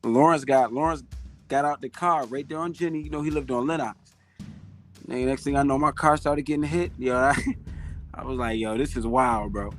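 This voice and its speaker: A man, a professional boxer, telling stories, slangy and quick to laugh. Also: fairly high pitch, steady tone, faint music behind. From Rochester, New York. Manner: laid-back, laughs easily, slangy. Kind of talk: casual podcast interview.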